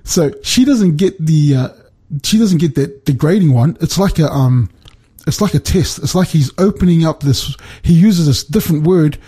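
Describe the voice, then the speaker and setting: A man's voice: fairly high pitch, expressive, normal speed, mellow, breathy edge. A man teaching from the Bible in a casual conversation, explaining step by step and often checking in with his listener. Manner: explanatory, checks in with "right?" and "you know".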